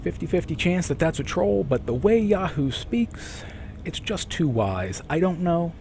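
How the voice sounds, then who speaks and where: A man's voice: a little high, sing-song, measured pace, creaky, a little mellow, a little hiss or hum. Rambling male streamer with a sore throat. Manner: rambling, self-correcting, reads chat aloud. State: sore throat, clearing it often. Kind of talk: casual live-stream chat.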